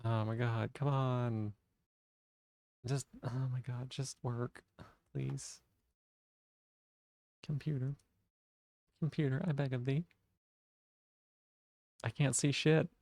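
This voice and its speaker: A man's voice: mid-range voice, fairly even intonation, takes it slowly, vocal fry, pauses often, a little mellow, no echo. A man live-streaming, chatting casually with viewers in a teasing way and swearing freely.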